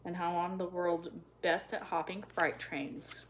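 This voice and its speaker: A woman's voice: on the low side, level tone, a little slow, slight background noise, natural voice, low-quality recording. A woman doing Lex, a smirking drawling hobo. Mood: wheedling. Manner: drawling, wheedling, mocking. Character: smug young male hobo braggart, drawling.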